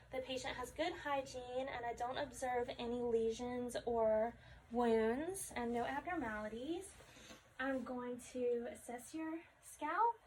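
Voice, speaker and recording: A woman conducting a step-by-step health assessment, calmly asking questions and repeating the answers back. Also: high-pitched. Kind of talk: clinical health assessment demonstration. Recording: distant mic with faint background noise.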